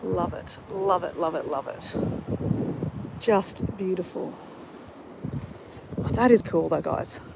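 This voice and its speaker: A woman's voice: lowish voice, takes it slowly, creaky, pauses often. A woman with an Australian accent live-streaming a coastal walk from her phone, chatting eagerly to viewers. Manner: enthusiastic, addresses viewers constantly. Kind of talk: casual live-stream chat. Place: outdoors on a windy coastal walk. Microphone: phone held for live stream. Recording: wind-buffeted phone recording outdoors. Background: wind noise on the mic.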